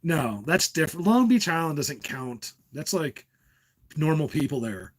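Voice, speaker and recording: Husky, rambling middle-aged man. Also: a little high, very animated, measured pace, rough recording. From New Jersey. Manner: rambling, tangent-hopping, laughs often. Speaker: livestream host. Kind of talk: casual live-stream chat with viewers.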